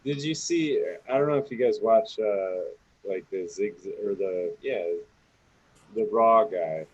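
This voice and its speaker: Husky guy rambling in podcast chat, low-ish, swearing a lot. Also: measured pace, muffled recording. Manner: rambling, swears, laughs often. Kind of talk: casual chat.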